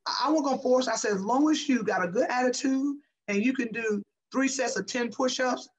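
A woman's voice: a little high, fairly quick, slight background noise, poor audio. Passionate, emphatic woman on a video call. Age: middle-aged. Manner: passionate, emphatic, repeats herself. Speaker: interview guest, former basketball player. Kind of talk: casual interview talk.

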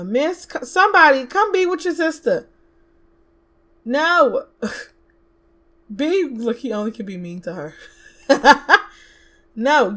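Woman, slightly high pitch; chatty let's-play host bossing her game characters around. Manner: chatty, talks to the game characters, slips into Southern US slang. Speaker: gaming YouTuber. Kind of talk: casual let's-play commentary.

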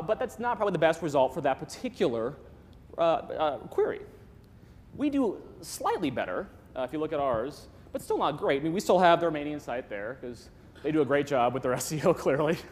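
A man giving a lively, joking conference talk on stage, restarting sentences often. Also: fairly high pitch, a little hiss or hum. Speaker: conference speaker. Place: large conference hall. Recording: long hall reverb.

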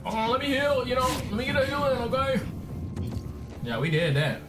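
A man's voice: very high voice, big pitch swings, moderate pace, over music. A man giving hyped let's-play commentary, full of playful trash talk and slang. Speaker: gaming streamer. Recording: echoey room with background noise.

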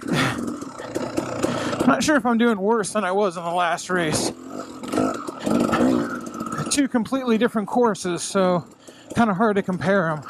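A fairly high-voiced man rides a dirt bike through the woods and talks to himself the whole way. He is out of breath, swears a lot and keeps making fun of himself. A loud engine roars under every word he says. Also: measured pace, long pauses. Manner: profane, self-mocking, talkative. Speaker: dirt bike racer vlogging. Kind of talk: casual self-talk commentary while riding. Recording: loud engine noise behind the voice.

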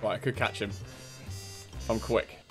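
A man's voice: on the low side, fairly even intonation, a little slow, over loud music. A young man giving cheeky, swear-filled gameplay commentary and mocking other players. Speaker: gaming streamer.

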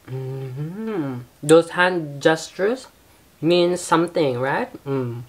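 A woman hosting a pageant reaction video, speaking softly with many hums and apologies, with a Filipino accent. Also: low-pitched, lively intonation, extremely slow. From Philippines. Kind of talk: casual reaction commentary.

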